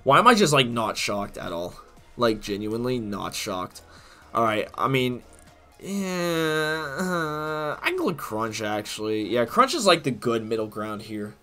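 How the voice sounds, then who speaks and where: A man's voice: on the low side, big pitch swings, moderate pace, bright, forceful tone, faint music behind. A man giving profane, trash-talking live commentary while he plays a competitive game, swinging between rage and jokes.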